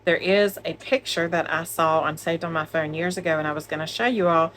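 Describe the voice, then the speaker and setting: A woman's voice: low-pitched, a little fast, a bit bright, a little hiss or hum. A woman co-hosting a crochet vlog at home, chatting casually and joking, filmed on a phone. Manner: chatty, laughing, jokey. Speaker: crochet channel co-host. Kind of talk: casual chat. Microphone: phone camera.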